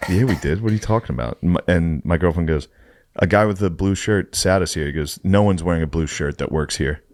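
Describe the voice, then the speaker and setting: A young man in casual podcast chat, telling an animated, profane anecdote and acting out what people said. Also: low-pitched, fairly quick, a little hiss or hum. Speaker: podcast storyteller.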